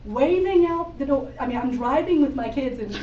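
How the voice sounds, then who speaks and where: A woman's voice: high-pitched, expressive, normal speed, dark tone, a little hiss or hum. Chatty woman giving a sales talk. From Oregon. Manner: chatty, laughing, addresses audience directly. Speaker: sales trainer speaking to a group. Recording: echoey room, distant mic, dull sound.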